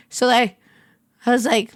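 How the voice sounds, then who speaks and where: A woman with a high voice chats to her stream about her day, acting out little quotes as she goes. The sound is dry and close, with no room around it. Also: dry recording. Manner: animated anecdote telling with acted-out quotes. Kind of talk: casual storytelling to stream chat.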